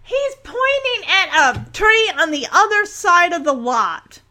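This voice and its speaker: A woman giving a casual reaction commentary, chatty and animated, retelling the scene. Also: extremely high pitch, measured pace, background noise. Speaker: video reactor.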